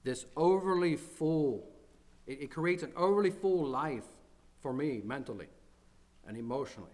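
A pastor delivers a sermon in a slightly higher-than-usual male voice. He speaks earnestly, circling back on phrases and building toward emphatic declarations. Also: expressive, moderate pace, a little mellow.

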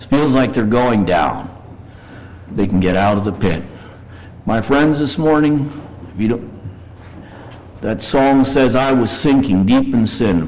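A man preaching a morning sermon, reading scripture slowly and earnestly and pleading with his listeners. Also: medium pitch, darkish tone, low-quality recording. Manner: reads verses slowly and earnestly, pleads with rising intensity.

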